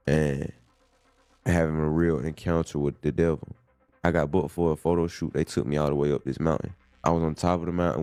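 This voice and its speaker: Deep gravelly man telling a slangy story. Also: no room sound. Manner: animated slangy storytelling with voiced quotes. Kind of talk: casual storytelling.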